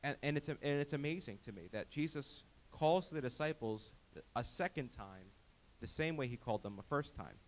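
A pastor preaching a sermon, emphatic and animated, often restarting his words as he retells a Bible story. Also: mid-range voice, moderate pace.

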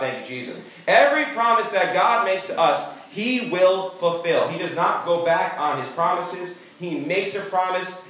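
A man's voice: a little high, fairly bright tone. Preaching man in an echoey church. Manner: emphatic preaching with call-and-response. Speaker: pastor. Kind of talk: sermon. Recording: echoey church room, distant mic.

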